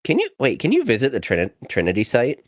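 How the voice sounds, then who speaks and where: A man chatting casually on a stream, animated, swearing freely and laughing often. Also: medium pitch, fast talker, no room sound. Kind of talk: casual chat.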